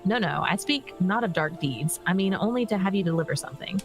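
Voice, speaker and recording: A reserved, formal woman from a game, read out by a woman. She speaks quickly and formally, in a lowish voice. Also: animated, over music. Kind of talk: reading game dialogue aloud.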